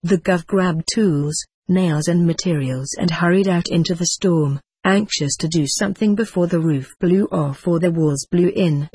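A man reading a storybook aloud as narrator, in a measured, gently expressive way. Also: a little high, slightly rough.

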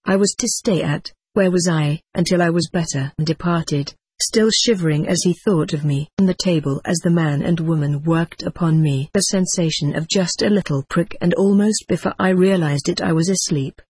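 An audiobook narrator reading a first-person story in a steady, measured way. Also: mid-range voice, slightly rough, dry recording.

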